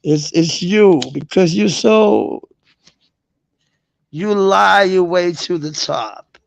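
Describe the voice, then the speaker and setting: A man's voice: high-pitched, slow pace, creaky, no echo. A middle-aged man vlogging a rambling, profane rant, mocking his targets and chuckling between jabs. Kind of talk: ranting vlog monologue.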